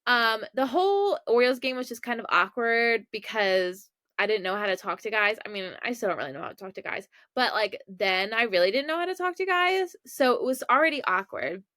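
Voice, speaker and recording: A woman's voice: fairly high pitch, animated, fairly quick, hardly any pauses, bright, forceful tone, no room sound, clean studio sound. A young woman from Maryland, hosting a podcast and telling a story in a chatty, self-mocking way with lots of asides. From Maryland, USA. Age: young adult. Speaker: podcast host. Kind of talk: casual storytelling.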